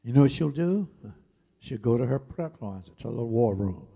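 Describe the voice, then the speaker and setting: A man in his fifties, a pastor telling a personal story in a sermon, animated and swinging from loud to near-whispered. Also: mid-range voice, normal speed, creaky, breathy edge.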